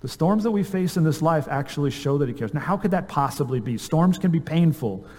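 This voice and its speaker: A man preaching from the pulpit, his voice pitched a little high for a man and carried by the long reverb of a church sanctuary. He asks the congregation question after question and lets key phrases fall quiet and slow. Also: animated. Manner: earnest preaching, rhetorical questions, drops soft on key words. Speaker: pastor. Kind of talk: sermon.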